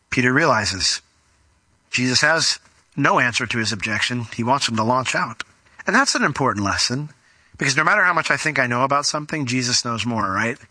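A man preaching a sermon, explaining a Bible passage and acting out the voices of the people in it with lively swings in pitch. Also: dry recording. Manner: animated, acts out voices of the people in the story. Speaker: pastor.

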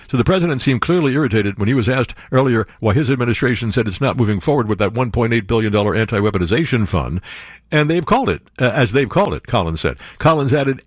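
A man's voice: medium pitch, dry recording, clean studio sound. A man hosting a commentary show, reading news stories aloud and breaking in with sarcastic asides and jokes.

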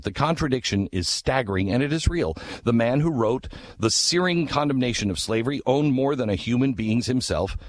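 An impassioned male storyteller recounts history emphatically, asking rhetorical questions. His voice sinks low for hushed asides, then climbs high and urgent to drive home key points.

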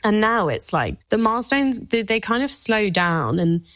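A woman's voice: medium pitch, sing-song, normal speed, a bit bright, dry recording. A woman, a guest speaking openly and emotionally, with plenty of "like" fillers. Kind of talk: candid personal conversation.

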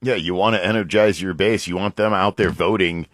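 A man's voice: low voice, steady tone, brisk, no echo, studio quality. A man co-hosting a casual political talk radio show, easygoing and agreeable, often saying "you know". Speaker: radio co-host.

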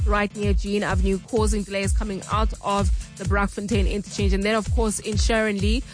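A woman reads the traffic report on air at a brisk, clear pace. Faint music plays under her voice. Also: mid-range voice, level tone.

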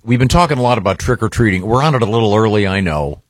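A man's voice: fairly low pitch, expressive, quick pace, no room sound. An older man hosting a radio show, rambling with lots of restarts in casual banter. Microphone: studio microphone.

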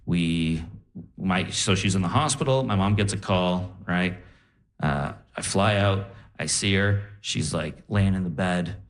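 A man's voice: low-pitched, measured pace. A male stand-up comedian telling a story in a chatty, conversational way with asides to the crowd.

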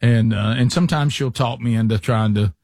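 A middle-aged man hosts a talk radio show, shifting from a sponsor read into loose, rambling stories full of restarts and fillers. His voice sits at an ordinary pitch for a man. The studio sound is dry and close. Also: fairly quick, darkish tone, no echo. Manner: chatty storyteller, frequent restarts and fillers. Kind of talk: casual talk radio chat and live ad read.

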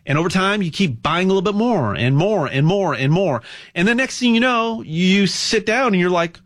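A man hosting a show, talking in a rambling, impassioned monologue with a sales pitch and lots of stammered restarts. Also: animated, moderate pace, a bit bright. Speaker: radio show host.

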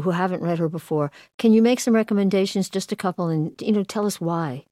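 A woman's voice: medium pitch, brisk, warm tone, no room sound, clean studio sound. A woman hosting a radio interview, asking curious questions with light laughs. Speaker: radio news host. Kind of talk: broadcast interview.

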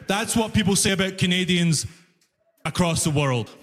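A man doing stand-up comedy on a music hall stage, telling stories with animated exasperation, often breaking into shouts. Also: sits high, normal speed. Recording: long reverb of a concert hall.

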